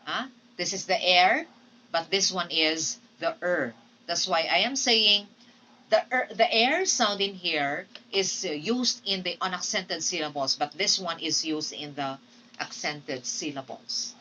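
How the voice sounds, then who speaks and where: A woman teacher giving a recorded phonetics lecture, speaking deliberately and often checking in with her students. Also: lowish voice, sharp tone, recorded from a distance, rough recording. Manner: slow, deliberate, checks in with "okay?". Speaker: English teacher.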